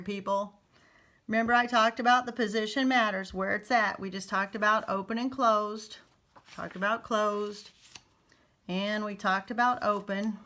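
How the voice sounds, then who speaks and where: A woman's voice: medium pitch, sharp tone. A middle-aged woman teacher explaining a phonics lesson to parents in a chatty way, repeating key points and checking in with "okay?".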